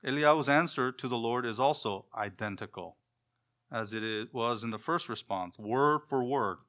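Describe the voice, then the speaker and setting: A man preaching an expository sermon, asking the listeners questions and answering them himself, often trailing off softer at the ends of phrases. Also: medium pitch, moderate pace.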